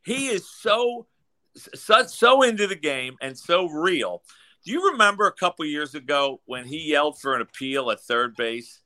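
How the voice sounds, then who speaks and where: A man's voice: a little high, big pitch swings, moderate pace, pushed and bright. A man who is a guest impressionist, telling rambling stories with frequent laughs in casual radio chat.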